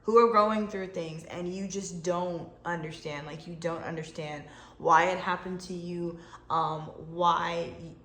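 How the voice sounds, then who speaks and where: A woman's voice: lowish voice, fairly even intonation, unhurried, fairly bright tone. Echoey, emphatic faith podcast woman. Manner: emphatic, encouraging, repetitive. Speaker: podcast co-host. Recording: echoey room.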